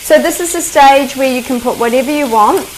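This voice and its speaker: A woman's voice: high-pitched, a little fast, slight background noise, rough recording. A woman with a New Zealand accent hosting a live cooking demonstration, chatting homely as she explains each step. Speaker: cooking show host.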